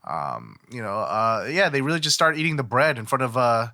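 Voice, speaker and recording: A man's voice: mid-range voice, very animated, brisk, sharp tone, no room sound, studio quality. A man co-hosting a podcast, recapping a show in laid-back slang and acting out what people said. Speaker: podcast co-host. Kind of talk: casual podcast chat, recapping a show with voices.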